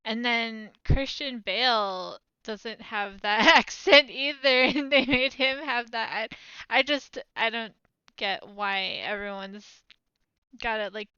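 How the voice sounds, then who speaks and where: Bright-voiced woman in casual film chat. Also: fairly high pitch, takes it slowly, clean tone, dry recording, muffled recording. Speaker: podcast co-host.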